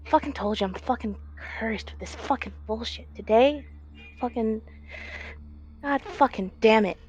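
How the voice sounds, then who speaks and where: A woman's voice: on the high side, a little slow, darkish tone, natural voice. A woman playing a foul-mouthed, fed-up woman who feels cursed. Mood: exasperated. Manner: swears constantly, fed up. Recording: muffled lo-fi mic.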